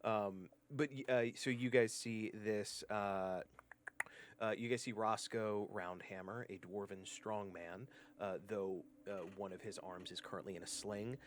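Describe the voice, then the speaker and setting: A man's voice: fairly low pitch, steady tone, unhurried, a little hiss or hum. A man narrating as game master of a tabletop game, rambling with frequent fillers and self-corrections.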